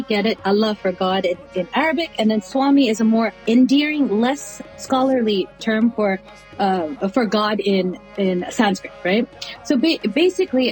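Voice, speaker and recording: A woman guest in an interview, telling stories in a lively, animated way with frequent laughter and acted-out dialogue, with an American accent. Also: on the high side, rough recording. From United States. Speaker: interview guest, artist and chaplain. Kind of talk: animated storytelling in conversation.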